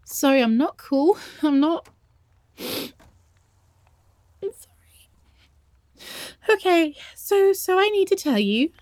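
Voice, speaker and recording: A woman's voice: medium pitch, slow pace, long pauses, no room sound. A young woman acting a shy, nervous lover in an audio role-play, stammering and hesitating as she speaks to her partner.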